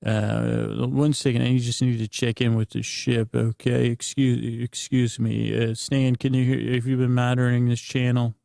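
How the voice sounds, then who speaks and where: A middle-aged man rambling through an improvised bedtime story, halting and restarting often. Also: medium pitch, flat delivery, creaky, warm tone, no echo, clean studio sound. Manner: meandering, halting, with many restarts. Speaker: bedtime podcast host.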